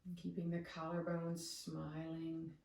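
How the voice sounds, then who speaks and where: A woman yoga teacher leading a guided breathing meditation with slow, soothing cues. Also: on the low side, monotone, vocal fry, darkish tone, recorded from a distance. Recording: echoey room, away from the mic.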